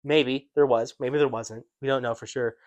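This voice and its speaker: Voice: medium pitch, fairly even intonation, normal speed, darkish tone, dull audio. A podcast co-host poking holes in a theory in casual, argumentative chat with casual swearing. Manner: skeptical, argues, swears casually.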